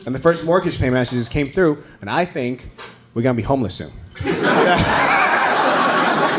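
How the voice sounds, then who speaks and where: A man in his thirties, a native Mandarin speaker, doing an animated stand-up set on a comedy club stage and shouting his punchlines. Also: fairly high pitch, normal speed, pauses often, heavy background noise. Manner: animated, shouts punchlines, acts out others' voices. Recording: live club recording, roomy, loud audience laughter.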